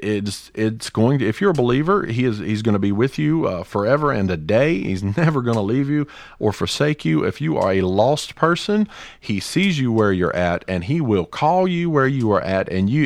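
Low-voiced man rambling passionately. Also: dry recording. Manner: rambling and passionate, many restarts. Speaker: podcast co-host. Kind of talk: casual podcast discussion.

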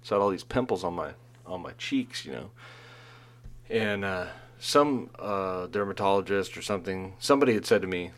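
A man's voice: fairly low pitch, animated, moderate pace, long pauses, fairly bright tone. A middle-aged man telling rambling school stories in casual chat, laughing at his own jokes.

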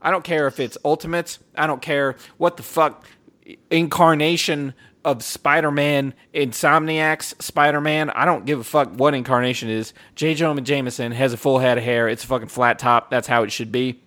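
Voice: medium pitch, normal speed. A middle-aged podcast co-host ranting in a casual chat, swearing freely and talking with lots of energy. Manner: profane animated ranting.

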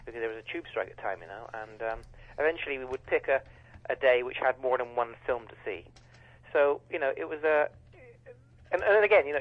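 A man's voice: mid-range voice, dry recording. A man talking as a radio guest, rambling and hesitant with a dry humour. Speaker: guest contributor. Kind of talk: casual radio chat. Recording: dull phone line.

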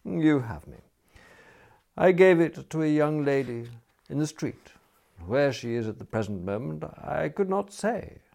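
A man voicing a genial gentleman of leisure who speaks in cordial, ornate, mock-solemn phrases. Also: lowish voice, big pitch swings, moderate pace.

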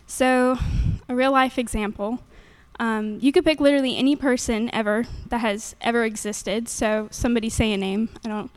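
A woman's voice: a little high, fairly even intonation, moderate pace, few pauses, clear, resonant tone. Earnest young woman sharing her testimony. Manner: earnest, with fillers and laughs. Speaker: student giving a testimony. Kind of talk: nervous personal faith testimony. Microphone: handheld microphone.

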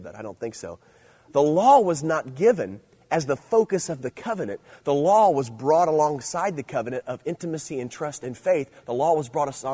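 A middle-aged man preaching to teenagers, swinging between loud emphasis and quiet asides. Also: medium pitch, husky. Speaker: youth speaker. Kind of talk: sermon.

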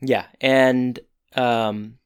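A man co-hosting a podcast, recapping a TV episode in a rambling, halting, self-correcting way. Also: mid-range voice, little pitch movement, clear, resonant tone. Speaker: podcast co-host. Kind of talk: casual TV episode recap chat.

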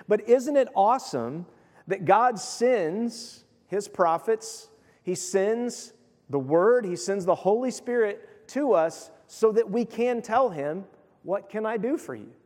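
A man preaching a sermon as pastor, in a lively, conversational way, acting out the voices of the people he quotes. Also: high-pitched, slow pace. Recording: long hall reverb.

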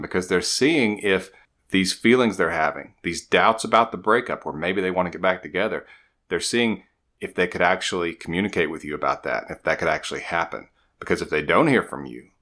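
A middle-aged man who works as a relationship coach delivers a calm, steady advice monologue to the camera in a low voice, explaining things as he goes.

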